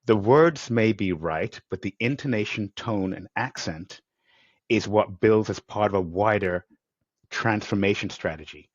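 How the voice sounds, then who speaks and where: Male podcast host, lowish voice, enthusiastic and rambling, dry dull remote sound. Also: unhurried, no echo. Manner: enthusiastic, rambling, acts out quotes. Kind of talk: conversational interview.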